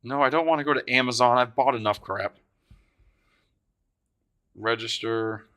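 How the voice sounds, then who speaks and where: Bright-voiced excitable male streamer. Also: mid-range voice, moderate pace, smooth. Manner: excitable, swears and shouts in bursts; talks to chat viewers by name. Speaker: streamer opening card packs. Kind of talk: live stream commentary.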